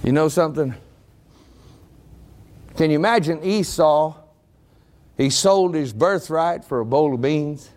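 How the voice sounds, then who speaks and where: High-voiced fiery preacher man. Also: measured pace, pauses often. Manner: fiery, shouting emphasis. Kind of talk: sermon. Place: church congregation.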